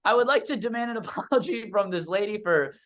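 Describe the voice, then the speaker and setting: A man's voice: sits high, animated, quick pace, a bit bright. A young man, a stand-up comedian, telling a story in a casual, rambling, self-deprecating way with lots of fillers. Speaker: stand-up comedian and podcast guest.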